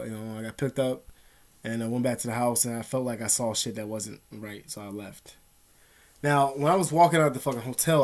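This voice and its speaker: A young man vlogs straight to camera in a rapid, agitated ramble. He swears constantly and piles up fillers as he talks, with his pitch sitting in a middle range. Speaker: vlogger. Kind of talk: casual storytelling to camera.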